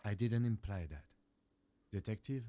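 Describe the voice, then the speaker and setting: Man doing a dark-voiced, reserved police lieutenant. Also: lowish voice, no echo, lightly acted. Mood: dry. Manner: measured, dry questioning.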